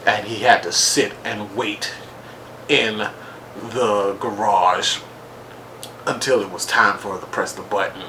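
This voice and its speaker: A man talks through a TV episode in a loose, rambling way, with sarcastic asides. His voice sits a little low. A faint hiss of noise runs under the recording. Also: pushed and bright. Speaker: podcast reviewer. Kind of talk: casual solo recap.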